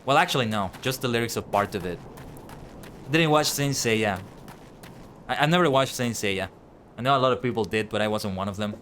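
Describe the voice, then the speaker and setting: Chatting with his viewers during a livestream, a young man comments on the online game he's playing while game music runs in the background. His voice is on the low side and a bit bright, a little fast but with frequent pauses. There is slight background noise.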